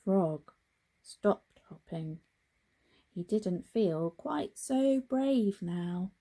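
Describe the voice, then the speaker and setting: A woman reading a picture book aloud to children in a very expressive way, with gasps and hushed whispers. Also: medium pitch, very slow. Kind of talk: children's storybook read-aloud.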